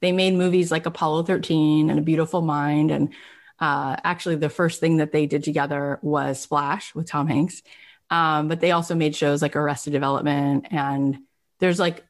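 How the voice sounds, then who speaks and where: A woman podcast host telling a story in a casual, animated way, full of "like" fillers and lively acted-out quotes. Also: low voice, moderate pace. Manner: animated, chatty, many "like" fillers.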